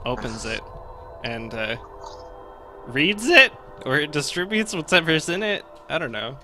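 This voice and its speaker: A man playing a tabletop game, animated and playful, laughing often as he describes his character's actions. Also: fairly high pitch, a little slow, soft background music. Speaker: player. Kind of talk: casual tabletop play.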